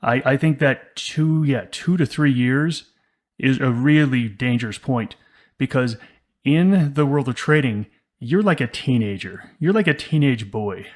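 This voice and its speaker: A man with a mid-range voice co-hosts a relaxed podcast conversation. He makes his points emphatically and slips into playful quoted inner voices to illustrate them. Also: mid-range voice, a little slow. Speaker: podcast co-host.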